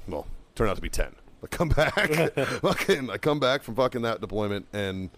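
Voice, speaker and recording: A middle-aged man and former Marine telling a heated, heavily profane story on a podcast, now and then yelling as he acts out what was said. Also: medium pitch, big pitch swings, normal speed. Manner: bursts into loud yelling while acting out quotes. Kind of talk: casual chat, storytelling.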